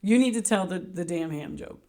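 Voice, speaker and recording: A woman co-hosting a podcast in casual chat who gets excited easily and laughs often. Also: fairly low pitch, a little fast. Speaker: podcast co-host.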